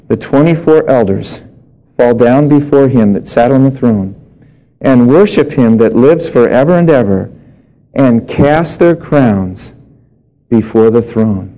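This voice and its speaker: A man's voice: medium pitch, mellow, poor audio. A middle-aged male pastor preaching a sermon, reading scripture and telling humorous personal stories.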